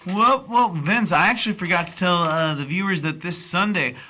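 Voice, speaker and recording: A man's voice: high voice, expressive, brisk, sharp tone, slight background noise. A man co-hosting a casual podcast, a comedian who throws in teasing jokes. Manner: joking, teasing interjections. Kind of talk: casual chat.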